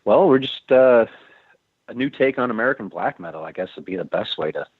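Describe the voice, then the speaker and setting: Low-voiced man on a tinny phone line. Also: animated, fairly quick, breathy edge, no room sound. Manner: rambling storyteller, chuckles often. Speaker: guest musician. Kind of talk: casual interview chat.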